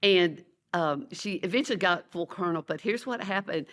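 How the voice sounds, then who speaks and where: A woman from Louisiana, USA, an educator and author, is a guest on a podcast interview, telling stories animatedly and acting out the voices of the people she quotes. Her voice is lowish and fairly bright, at a normal speed.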